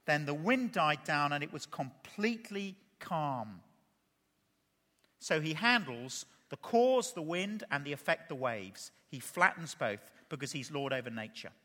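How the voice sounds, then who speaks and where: Man, preacher giving a sermon, high bright voice, reverberant church hall. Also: unhurried. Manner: animated, asks the congregation rhetorical questions.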